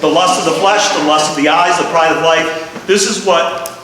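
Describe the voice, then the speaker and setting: A man's voice: a little high, moderate pace, noisy background. A man preaching a sermon, telling funny stories and bantering with the congregation. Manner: animated storytelling, jokes with the congregation. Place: large church hall. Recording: echoey hall, from far off, congregation audible.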